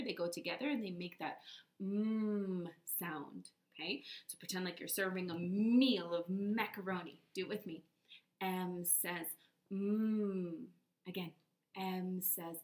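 A woman teaching phonics to small children, speaking very slowly and encouragingly. She draws out each letter sound for them to repeat. Her voice rings in a noticeably echoey room. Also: medium pitch, fairly bright tone.

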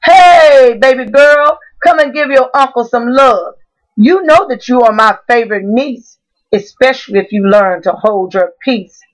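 A woman's voice: fairly high pitch, unhurried, close to an everyday voice, rough recording. A woman voicing a sly, coaxing grown man in her spoken-word poem. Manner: coaxing, wheedling. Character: coaxing adult male relative, sly.

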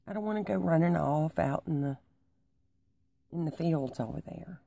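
A middle-aged woman, talking to her viewers in a folksy, meandering way that sometimes drops to a hushed near-whisper. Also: sits low, normal speed, vocal fry, no echo. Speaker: Christian vlogger. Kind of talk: casual rambling talk to camera.

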